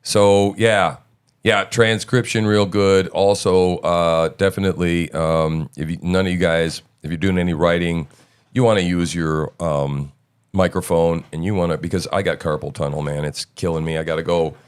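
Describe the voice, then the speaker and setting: A man's voice: sits low, steady tone, moderate pace, clean tone. A middle-aged man hosting a casual live-stream chat, rambling loosely with many fillers and restarts. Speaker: show host.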